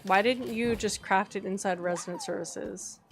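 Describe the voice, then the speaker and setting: A woman live streamer chatting casually over her game, talking to herself and her chat. She sounds playfully exasperated, swears in jest, and swings up into excited squeals. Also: mid-range voice, normal speed, faint music behind.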